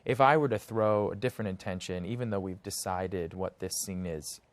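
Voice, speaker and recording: Being interviewed in a casual chat, this actor from the United States speaks thoughtfully, filling pauses a lot as he hunts for words. He has a low voice and talks a little fast.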